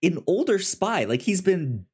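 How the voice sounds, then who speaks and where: Guy cohosting a podcast, super animated, keeps stammering and restarting, voice jumps up and down. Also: unhurried, husky. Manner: animated retelling, quotes characters in high excited voices. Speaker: podcast co-host. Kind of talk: casual chat.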